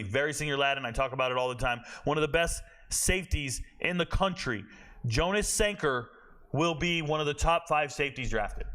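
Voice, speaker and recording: A man hosting a college football show, giving blunt, profane, animated opinions and muttering to himself as he checks stats. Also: mid-range voice. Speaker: college football podcast host. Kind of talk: casual opinionated commentary.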